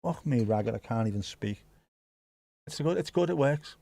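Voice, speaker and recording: A man's voice: mid-range voice, expressive, normal speed, creaky, warm tone, dry recording. A man chatting casually through a live football watch-along, rambling, joking and swearing freely. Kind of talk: casual live match commentary chat.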